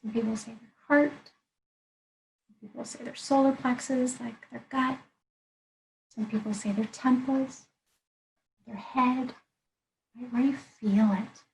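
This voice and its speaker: Woman, life coach, interview guest; earnest, methodical explainer, slightly high voice. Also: steady tone, unhurried, creaky, long pauses, darkish tone, a little hiss or hum, rough recording. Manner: earnest, explanatory, walks through points one by one. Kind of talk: interview conversation.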